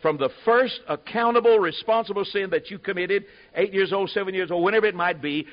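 A man's voice: sits high, a little fast. Folksy man preaching a lo-fi sermon. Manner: folksy, rising to loud emphatic preaching. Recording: muffled lo-fi sermon recording.

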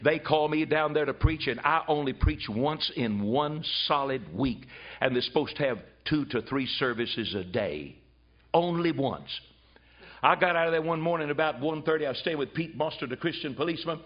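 An older man preaching a fiery revival sermon, swinging from loud exhortation to hushed asides. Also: on the high side, fairly quick. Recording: dull lo-fi sermon recording.

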